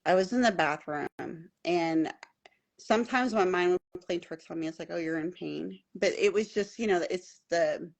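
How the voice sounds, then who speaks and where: A woman's voice: fairly low pitch, moderate pace, gravelly. A woman guest on a podcast telling a personal story in casual, earnest, emphatic talk, often repeating key phrases. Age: adult with children at home.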